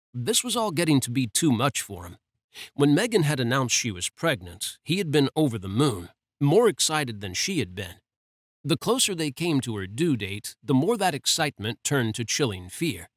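A man narrating a romance audiobook in a steady, measured reading. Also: mid-range voice, dry recording, studio quality.

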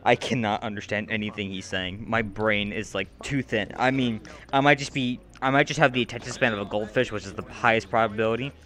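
Bright-voiced man rambling as a streamer. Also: lowish voice, fairly quick, few pauses. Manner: rambling, apologetic, swears often. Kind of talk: casual chat while playing.

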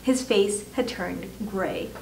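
A woman reading a children's book aloud with expressive storytelling. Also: mid-range voice, takes it slowly, vocal fry, slight background noise. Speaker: reader. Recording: echoey room, distant mic.

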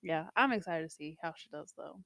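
A woman's voice: sits low, expressive, brisk, gravelly, a bit bright, no echo. Rambling woman in casual chat. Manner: rambling, hesitant, full of restarts. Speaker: co-host of a movie review show.

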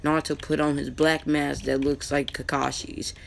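A man narrating his own anime fan-fiction story in a casual, halting way, often restarting names and using slang. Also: a little high, little pitch movement, creaky, slight background noise.

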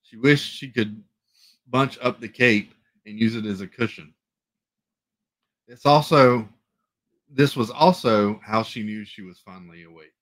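A man's voice: lowish voice, unhurried, long pauses. Man reading a novel aloud with stumbles. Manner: stumbles and self-corrects. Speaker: book club reader.

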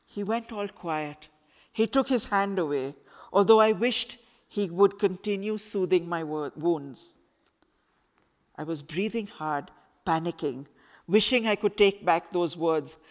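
A woman author reads her novel aloud, slowly and expressively, letting each phrase breathe. She is in a school hall, and a long reverb trails after her voice. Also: lowish voice. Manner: slow, expressive storytelling.

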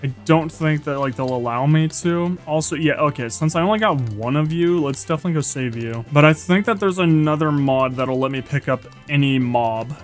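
A young man giving casual, excitable commentary while playing a video game, chatting to the animals as he goes. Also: fairly high pitch. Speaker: gaming YouTuber.

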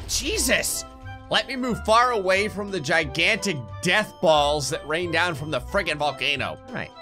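A man commentating his own Minecraft play, excitable, yelping and laughing at the chaos. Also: on the high side. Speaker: gaming YouTuber.

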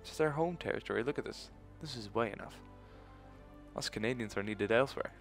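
Low-voiced man thinking aloud through a game. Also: fairly quick, creaky, soft background music. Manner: thinking aloud, loose and profane. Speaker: gaming video host. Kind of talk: casual let's-play commentary.

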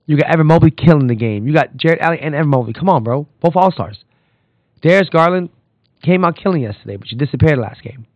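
Animated man ranting about basketball. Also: a little high, fast talker, hardly any pauses, dry recording, muffled recording. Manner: animated, rants and calls out players directly. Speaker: podcast host. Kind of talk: casual sports commentary. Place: Florida.

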